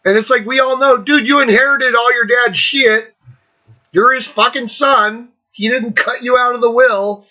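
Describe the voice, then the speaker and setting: A man's voice: very high voice, steady tone, moderate pace, bright, forceful tone, lo-fi sound. Profane ranting man in his fifties. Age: 50s. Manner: blunt, profane, mocking, laughs often. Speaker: podcast host. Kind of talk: profane rant.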